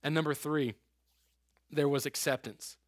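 Young man, youth pastor, casual sermon, fairly high voice, dry close sound. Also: measured pace, dry recording. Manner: casual, animated, acts out quotes with laughs.

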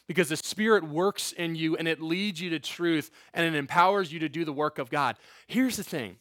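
A male youth pastor delivers a sermon in a fairly high voice, talking to the room like friends and dropping joking asides. The sound is close and dry, with no room echo. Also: normal speed, a bit bright. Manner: conversational, joking asides, checks in with "okay?".

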